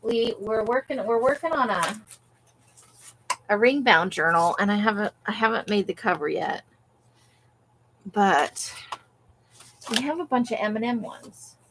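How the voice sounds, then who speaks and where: A woman's voice: fairly high pitch, expressive, measured pace, long pauses, a bit bright, slight background noise, low-quality recording. A woman hosting a casual crafting livestream from her craft space at home, rambling and talking to herself as she digs through her supplies. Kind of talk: casual live-stream chat.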